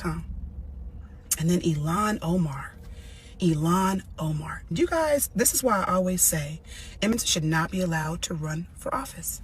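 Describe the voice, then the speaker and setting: A woman posting an angry video rant, agitated, shouting and cursing as she goes. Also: lowish voice, a little hiss or hum. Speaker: social media poster.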